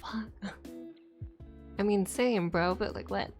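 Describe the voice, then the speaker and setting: A woman's voice: medium pitch, takes it slowly, darkish tone, faint music behind. A young woman streamer chatting casually late at night, rambling, swearing often and laughing between thoughts.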